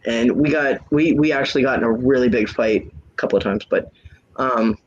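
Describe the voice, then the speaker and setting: A man's voice: medium pitch, moderate pace, muffled recording, a little hiss or hum. A man telling a story in casual chat, frank and blunt, acting out both sides of the arguments he describes. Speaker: hangout host.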